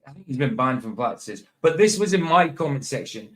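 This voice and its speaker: A man's voice: mid-range voice, a little fast, hardly any pauses, a bit bright, low-quality recording. A man hosting a casual livestream chat, rambling, often laughing and breaking off mid-sentence. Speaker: livestream host. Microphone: streaming setup.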